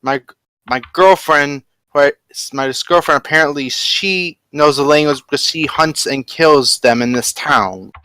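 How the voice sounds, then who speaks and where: A man voicing a young male rogue in a tabletop game, who speaks in halting, restarting bursts. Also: fairly high pitch, bright, forceful tone, no room sound. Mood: urgent. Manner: halting, summarizing in character.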